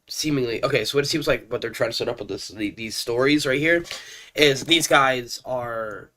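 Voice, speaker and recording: Allergy-stuffed male game streamer. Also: mid-range voice. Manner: excitable, stumbles over names. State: congested with allergies. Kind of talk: live gameplay commentary and reading game text aloud.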